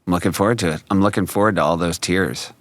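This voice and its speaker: A man in his thirties, co-hosting a podcast in casual chat and telling lively stories about his kids. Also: low-pitched, fast talker, dry recording. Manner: animated storyteller, mimics his kids. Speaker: podcast co-host.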